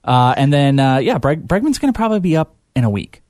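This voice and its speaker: A man's voice: fairly high pitch, sing-song, fast talker, darkish tone, no room sound, studio quality. A man hosting a casual sports chat, rambling and hesitant with lots of fillers. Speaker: podcast host.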